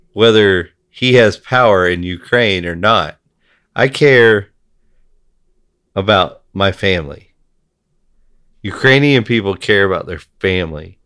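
A man's voice: on the low side, fairly bright tone. A man in a heated conversation, talking bluntly and swearing freely as he rants. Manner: blunt, profane ranting.

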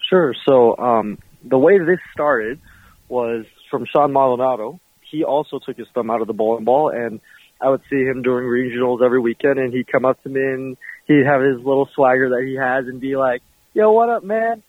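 A man's voice: medium pitch, fairly even intonation, moderate pace, no echo. A man, a professional bowler, chatting easily in an interview with many fillers, heard over a remote call. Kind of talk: casual interview answers. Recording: tinny phone-like line, dry.

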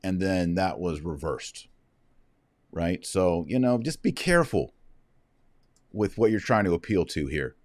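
A man's voice: deep voice, animated, measured pace, pauses often, a little mellow, no room sound. A man giving heated, preachy opinion commentary, fiery and sarcastic.

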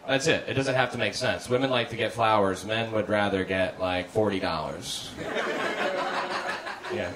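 Male stand-up comic, mid-range voice, dry deadpan delivery with stumbling restarts, recorded live with a laughing crowd. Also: mid-range voice, low-quality recording. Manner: deadpan, halting with stammered restarts. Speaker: stand-up comedian. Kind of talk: stand-up routine. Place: comedy club stage. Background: audience laughter.

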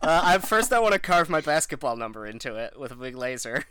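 A man's voice: mid-range voice, big pitch swings, quick pace, a crowd in the background. A man chatting casually, dropping wry, joking asides. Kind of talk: casual podcast chat.

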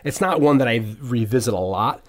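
A man's voice: mid-range voice, lively intonation, fairly quick. A middle-aged man hosting a podcast, chatting casually about movies, rambling with many restarts and fillers. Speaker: podcast host.

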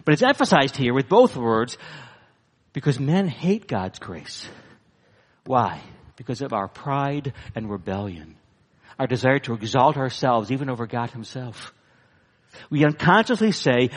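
A man preaching a sermon, emphatic, swinging from high bursts down to low, weighty lines. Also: animated, moderate pace. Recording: long hall reverb.

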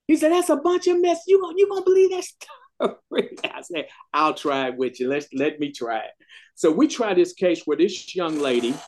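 An older man tells a courtroom story with a seasoned trial lawyer's ease. He is animated and acts out the voices of the people he quotes. His voice sits in an ordinary middle pitch. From Texas. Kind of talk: storytelling in a podcast interview.

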